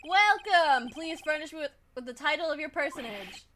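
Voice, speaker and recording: A woman's voice: sits high, animated, moderate pace, a bit bright, slight background noise. A woman voicing a pompous, wordy male company president who mangles big words in a grand manner. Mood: grandiose.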